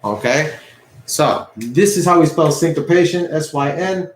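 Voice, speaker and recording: A man's voice: fairly high pitch, measured pace, a little hiss or hum. Patient man teaching guitar, echoey room. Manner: patient, repeats himself, counts beats aloud. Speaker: music teacher. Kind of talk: online guitar lesson. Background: guitar playing.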